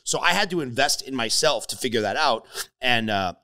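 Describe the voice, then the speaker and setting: A middle-aged man hosting a podcast, telling a casual story with lots of swearing and animated retelling. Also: medium pitch, fairly quick. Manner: animated, swears freely, voices others in stories. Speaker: podcast host, mortgage coach.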